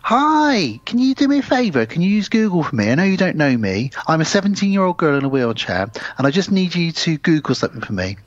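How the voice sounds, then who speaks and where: A woman's voice: on the low side, very animated, dry recording, highs cut off, voice pushed up. A man voicing a desperate teenage girl, pleading with a stranger on the phone. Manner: pleading, rushed.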